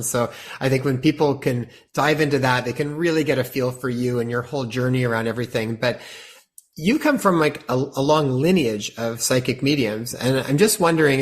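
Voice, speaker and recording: A man hosting a health podcast, asking questions with enthusiasm and halting restarts. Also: mid-range voice. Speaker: podcast host. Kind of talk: interview questions.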